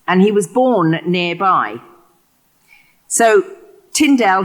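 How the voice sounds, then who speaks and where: An English woman with a West Country accent gives a prepared keynote lecture. Her delivery is expressive, and she slips into performance whenever she quotes a line. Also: on the low side, measured pace. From England. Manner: expressive, acts out quotations. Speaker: keynote speaker.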